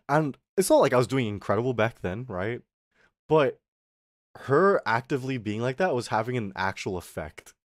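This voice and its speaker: A male streamer talks casually to his chat, his pitch bouncing up and down as he rants. The sound is close and dry with no room echo, and he swears freely along the way. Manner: animated, swears freely, reads chat aloud. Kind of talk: casual storytelling rant to chat.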